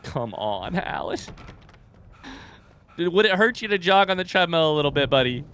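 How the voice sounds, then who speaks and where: A man streaming a video game live, giving excitable, jokey commentary with plenty of swearing. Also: fairly high pitch, normal speed, slight background noise.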